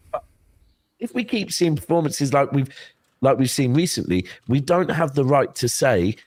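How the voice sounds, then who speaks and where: A man's voice: medium pitch, lively intonation, moderate pace, a little mellow, no echo. A man on a football panel show, making his point earnestly with many restarts. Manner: earnest, argues with lots of restarts. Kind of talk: casual panel chat.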